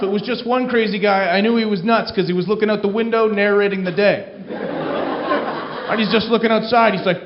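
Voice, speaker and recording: A male comedian with a strikingly high voice tells stand-up stories into a handheld mic, jumping into the voices of the people he describes. The room is echoey, the sound a bit dull, and a crowd laughs and murmurs throughout. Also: background noise. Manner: animated storytelling, acting out characters' lines. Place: comedy club stage. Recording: roomy club recording with crowd laughter.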